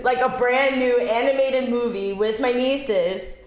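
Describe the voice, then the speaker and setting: A woman's voice: a little high, unhurried. Teasing, foul-mouthed woman in an echoey room. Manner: teasing, profane, laughs a lot. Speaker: podcast co-host. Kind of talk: casual chat. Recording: echoey room, faint noise.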